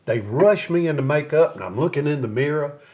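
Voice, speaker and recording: A man's voice: a little high, a little fast. A man who is a guest on an interview show, telling stories and acting out what other people said. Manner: lively storyteller who acts out other people's lines. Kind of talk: storytelling in a casual interview.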